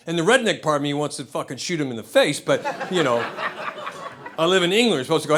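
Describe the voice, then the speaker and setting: A middle-aged man with a fairly high voice doing stand-up in a club. He talks loosely and wryly, poking fun at himself between the jokes. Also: lively intonation, fairly quick, long pauses, fairly bright tone. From United States. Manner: wry, self-deprecating, loose and conversational. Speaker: stand-up comedian. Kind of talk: stand-up set. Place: comedy club with live audience. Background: audience laughter.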